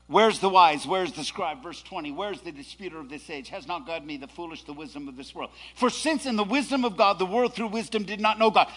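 A man preaching a sermon, dropping to hushed asides and then rising to shouted proclamations. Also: high-pitched, brisk, few pauses.

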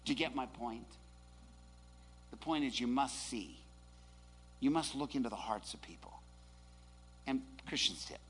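A man preaching a sermon, dropping to hushed asides and then rising to shouted proclamations. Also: on the low side, creaky, slight background noise.

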